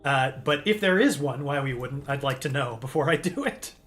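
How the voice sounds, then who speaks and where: A man's voice: mid-range voice, animated, moderate pace, fairly bright tone, faint music behind. A man giving rambling, joking commentary while playing a horror game. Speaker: gaming streamer. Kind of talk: let's play commentary.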